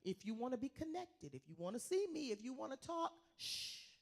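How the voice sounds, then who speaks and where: A woman's voice: sits high, fast talker. A middle-aged woman, a pastor speaking frankly and casually to her congregation. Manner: candid, lively, tells it straight.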